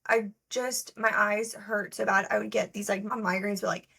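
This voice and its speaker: A woman's voice: mid-range voice, fairly even intonation, moderate pace, gravelly, bright, forceful tone, breathy edge. A young woman co-hosting a podcast, telling stories in a casual, chatty way full of fillers. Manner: chatty, lots of fillers, storytelling. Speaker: podcast co-host. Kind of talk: casual chat.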